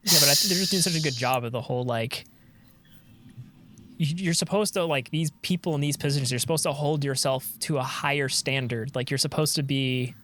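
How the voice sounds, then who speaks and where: A podcast co-host talks in a mid-range voice at a brisk clip, with a little hiss or hum in the recording. His casual chat rambles animatedly, full of "likes" and restarts.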